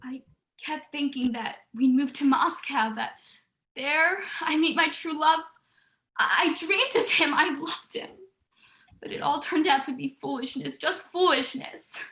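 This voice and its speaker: A woman's voice: high voice, unhurried, sharp tone, echoey room, full character voice. A young actress playing a despairing young woman, weary of her life, speaking in anguished, repeating words. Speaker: student actor. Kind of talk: stage drama monologue.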